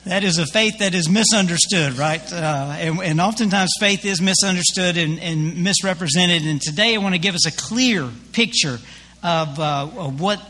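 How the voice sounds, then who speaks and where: A man's voice: sits high, normal speed, bright, forceful tone. A man preaching a sermon as pastor, telling stories in a folksy way with many fillers and restarts.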